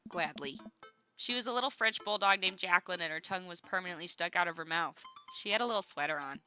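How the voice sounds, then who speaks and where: A woman's voice: fairly low pitch, fast, pushed and bright. A woman voicing a cheeky, joking teenage daughter while reading a game aloud. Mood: gushing. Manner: cheeky, offhand. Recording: game music behind.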